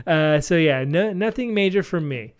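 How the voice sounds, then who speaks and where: A man's voice: on the high side, expressive, unhurried. A man co-hosting a podcast, chatting casually and rambling a little with many hesitations. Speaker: podcast co-host. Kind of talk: casual chat.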